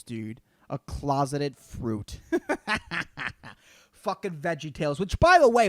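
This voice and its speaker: A man's voice: high-pitched, no echo. A man hosting a solo podcast, ranting profanely and calling the listener "dude" throughout. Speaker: podcast host. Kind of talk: solo comedic rant.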